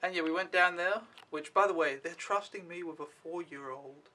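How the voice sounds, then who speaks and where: Bright-voiced young man vlogging casually. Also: high-pitched, moderate pace. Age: young adult. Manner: rambling, offhand, swears freely. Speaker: au pair vlogger. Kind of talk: casual vlog storytelling.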